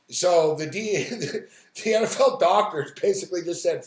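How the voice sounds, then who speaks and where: A man hosting a sports talk live stream, telling a story in an animated, profane rant full of quoted voices. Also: a little high, moderate pace, roomy sound.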